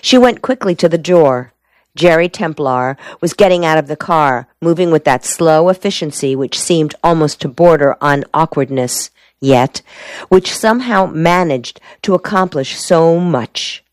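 A woman narrating a novel in a steady, measured audiobook reading. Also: sits low, no room sound.

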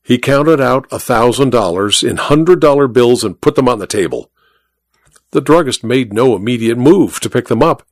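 Expressive male storyteller, dry close sound. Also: medium pitch, normal speed, dry recording. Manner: expressive, dramatic delivery. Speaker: host and narrator of a mystery story program. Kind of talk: storytelling narration.

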